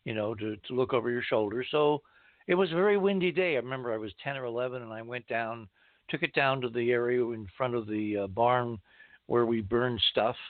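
A man's voice: medium pitch, fairly quick, no echo. Man telling stories over a tinny line. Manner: storytelling, rambling anecdotes. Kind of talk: casual talk-radio conversation. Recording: tinny phone-like line, dry.

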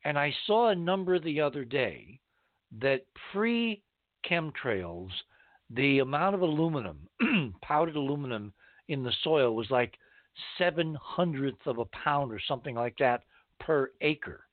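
A man's voice: fairly high pitch, expressive, measured pace, dry recording. A man hosting a casual talk show, telling a rambling story from his childhood. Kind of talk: casual talk-radio conversation. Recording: tinny phone-like line, dry.

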